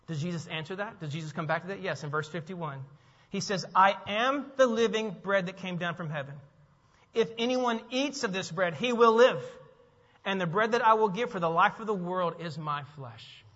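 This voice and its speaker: A man's voice: high voice, moderate pace, fairly bright tone, in a large hall, muffled recording. A man preaching a sermon to his congregation, acting out the voices of the people in the story and quizzing the crowd with questions. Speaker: pastor. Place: church sanctuary.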